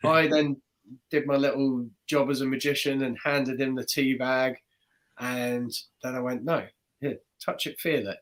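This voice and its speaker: A guy on a podcast telling a long story about a gig, lively, keeps slipping into other people's voices, mid pitch. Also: unhurried. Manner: animated, acts out the voices of people in his stories. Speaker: guest magician. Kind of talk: casual storytelling.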